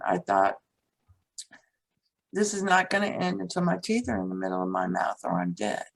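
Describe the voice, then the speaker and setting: Woman, candid storytelling, blunt and frank, unhurried delivery, some vocal fry. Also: on the low side, low-quality recording. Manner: blunt, frank, swears casually. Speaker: guest, teacher and author. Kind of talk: candid personal storytelling in conversation.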